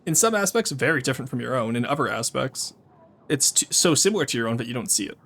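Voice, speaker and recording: A man's voice: mid-range voice, sing-song, fast talker, vocal fry, fairly bright tone. A man streaming a game, chatting in rambling rants full of restarts. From Canada. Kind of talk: casual live gameplay chat.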